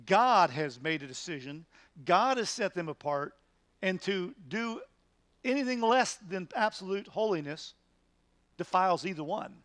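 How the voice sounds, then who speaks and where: A man's voice: sits high, animated, unhurried, a bit bright, no room sound. A man, a pastor teaching a midweek Bible study in an earnest, emphatic way, asking rhetorical questions as he goes.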